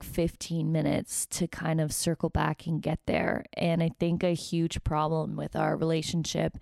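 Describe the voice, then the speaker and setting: A woman in her thirties talks straight into a close mic, chatty and candid, and she swears without a second thought. Her voice sits a little low and comes through smooth and clear in a dry, dead room. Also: darkish tone, no echo. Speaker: podcast host. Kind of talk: casual podcast monologue.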